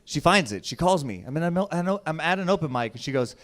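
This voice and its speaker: A young adult man doing a profane stand-up comedy set on a club stage, swinging between loud shouting and low mutters. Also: animated, quick pace.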